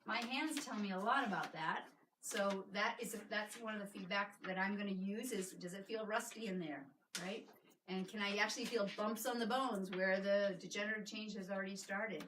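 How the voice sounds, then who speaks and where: A woman chiropractor giving a live workshop to patients, energetic and coaxing, often checking in with "right?". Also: medium pitch, moderate pace, background noise. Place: clinic room with a small audience. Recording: echoey room, mic at a distance.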